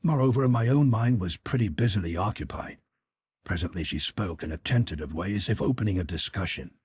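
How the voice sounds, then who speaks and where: A man reading a classic mystery in first person at a measured, even pace. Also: sits low, slight background noise. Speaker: audiobook narrator. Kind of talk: first-person audiobook narration.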